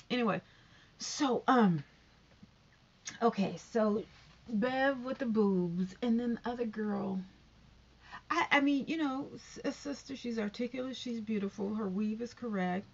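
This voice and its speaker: A woman's voice: fairly high pitch, unhurried, husky. A woman vlogging from home, chatting bluntly and gossiping in a casual commentary. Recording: dull lo-fi recording.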